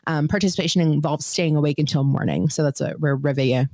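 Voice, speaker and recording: A woman hosting a relaxed trivia chat, reading facts in a fairly low voice with lots of ums between them. Her voice is close and dry, with no room sound at all. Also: fast, no room sound. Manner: reads trivia facts with many ums, laughs often. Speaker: quiz host. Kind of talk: casual podcast quiz chat.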